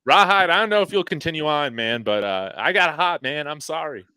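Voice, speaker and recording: A man guesting on a casual sports talk show, easygoing, with quick laughs between points. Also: fairly high pitch, animated, bright, forceful tone, clean tone, dry recording.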